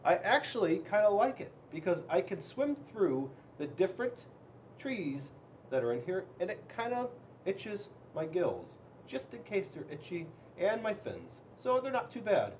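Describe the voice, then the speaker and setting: A man, a school resource officer, reading a children's book aloud in an animated, expressive way. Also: high voice, a little slow, a little hiss or hum.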